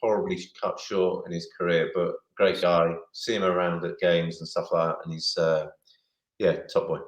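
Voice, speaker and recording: A low-pitched voice with little pitch movement and normal speed belongs to this middle-aged former footballer, who rambles through interview anecdotes. Frequent restarts and acted quotes mark his telling, heard in a roomy echo.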